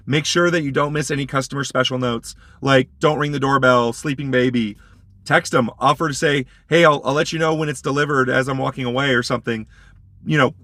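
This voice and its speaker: Bright-voiced man telling delivery stories. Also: mid-range voice, dry recording. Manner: conversational, loose, many fillers like "like" and "um"; acts out his own polite apologies in quotes. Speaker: food delivery driver and vlogger. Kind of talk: casual storytelling and advice.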